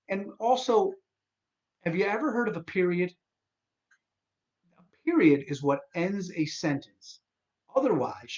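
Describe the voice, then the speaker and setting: A man's voice: fairly high pitch, lo-fi sound. Sick, worn-out man ranting on a live stream. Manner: exasperated, profane ranting with many restarts. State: sick and tired, congested.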